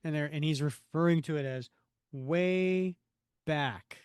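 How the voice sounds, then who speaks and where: A man in his fifties co-hosting a podcast in casual, rambling chat. His voice sits a bit high for a man. The sound is close and dry with no room. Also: steady tone, fast, darkish tone, clean tone, no room sound. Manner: chatty, rambling, self-correcting. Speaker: podcast co-host. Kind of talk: casual chat and reading comics aloud.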